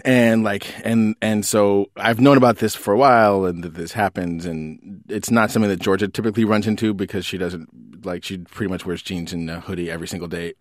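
A man co-hosting a podcast, telling a story casually in an animated way, swearing freely and laughing often. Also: sits low, a little fast, no room sound, studio quality. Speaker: podcast co-host, writer.

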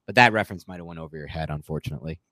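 A man co-hosting a sports podcast, talking casually in a rambling, animated way and often correcting himself mid-sentence. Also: very deep voice, rapid-fire, no room sound. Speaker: podcast co-host.

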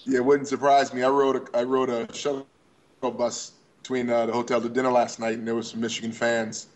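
A man's voice: medium pitch, flat delivery, fairly quick. A man co-hosting a basketball podcast, upbeat, talking in long run-on thoughts. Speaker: podcast co-host. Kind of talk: casual sports chat.

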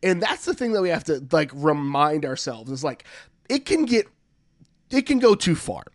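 A man's voice: on the high side, sing-song, moderate pace, dry recording, clean studio sound. Earnest, fired-up young sports podcaster man. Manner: earnest, building to fired-up emphasis. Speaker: podcast co-host. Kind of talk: casual sports podcast chat.

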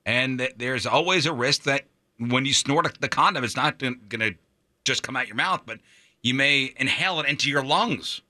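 A man's voice: medium pitch, normal speed, pushed and bright, dry recording. A man hosting a radio show, chatting casually and joking his way through odd news stories on a close studio mic. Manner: jokey, laughs while telling stories.

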